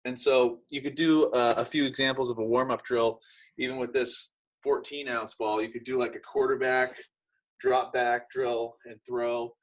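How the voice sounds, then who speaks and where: Man, casual instructional chat, relaxed explainer, middle pitch. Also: moderate pace, poor audio. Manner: relaxed, explains with everyday examples, many fillers. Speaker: athletic trainer demonstrating drills.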